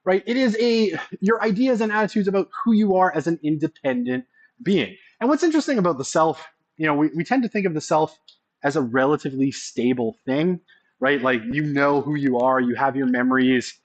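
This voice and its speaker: A man's voice: on the high side, brisk, dull audio. A man giving a casual college sociology lecture, often checking in with the class by asking "right?".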